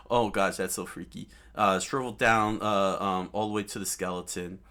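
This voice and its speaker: A man casually reading a comic aloud, halting often and restarting his sentences with amused asides. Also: on the low side, fairly even intonation, sharp tone. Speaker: comic reader.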